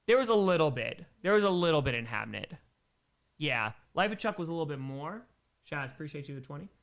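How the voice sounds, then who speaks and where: Chatty man with a higher voice. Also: lively intonation, brisk, creaky, fairly bright tone. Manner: rambling and enthusiastic, thanks donors between answers. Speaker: livestream host answering viewer questions. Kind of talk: casual chat.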